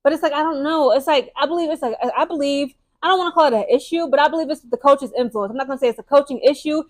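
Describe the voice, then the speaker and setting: Brief: young woman, high voice, casual emphatic sports vlog talk, fast and chatty with restarts. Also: darkish tone. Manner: emphatic, keeps tagging lines with "okay?" and "guys". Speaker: sports commentary vlogger. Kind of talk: casual opinionated sports commentary.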